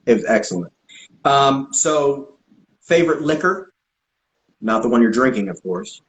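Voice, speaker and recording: A man hosting an interview, asking relaxed questions with a joking edge. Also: mid-range voice, unhurried. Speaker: interview host. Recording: echoey room sound.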